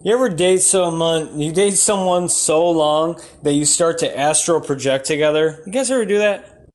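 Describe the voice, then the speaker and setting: A man doing stand-up comedy, rambling from bit to bit and breaking into shouty rants. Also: on the high side, normal speed.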